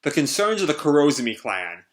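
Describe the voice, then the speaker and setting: A man's voice: fairly high pitch, very animated, brisk. Kaido, a man reading as a looming pirate emperor. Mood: proclaiming. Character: huge menacing male pirate emperor.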